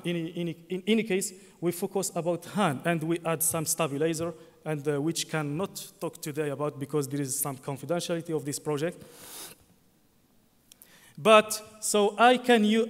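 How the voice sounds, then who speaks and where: A man with a high voice gives a technical conference talk in a hall with long reverb. His delivery is halting, full of fillers and self-corrections.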